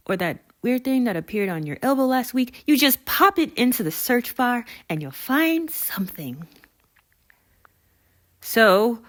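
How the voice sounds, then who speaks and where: A woman vlogger narrating a scripted story in an animated, exasperated and self-mocking way. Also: mid-range voice.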